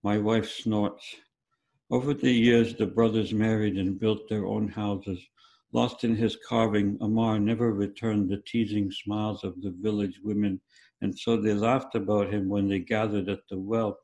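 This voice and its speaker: Male author reading his own tale at a festival, wry, conversational, low mellow voice. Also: little pitch movement, measured pace, low-quality recording.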